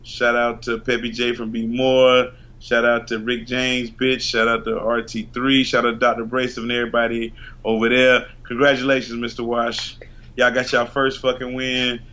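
A man's voice: medium pitch, monotone, normal speed, sharp tone, dull audio. A man co-hosting a podcast, talking in a laid-back, profane, laughing way. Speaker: podcast co-host. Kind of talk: casual chat.

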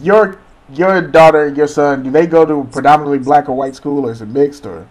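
A man's voice: fairly high pitch, brisk, darkish tone. A man hosting a casual chat, laid-back, asking questions and laughing easily.

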